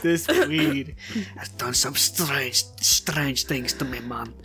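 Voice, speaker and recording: A woman putting on a tough Cuban gangster man with a mock Cuban accent, low and drawn out with rolled R's. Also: slow, sharp tone, faint music behind, exaggerated voice. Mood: drawling.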